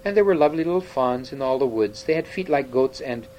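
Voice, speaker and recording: A man reading aloud, voicing an eager, timid boy prince who babbles quickly in a raised voice. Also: mid-range voice, lively intonation, a little mellow, a little hiss or hum, close to an everyday voice, poor audio. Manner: eager babbling, then faltering.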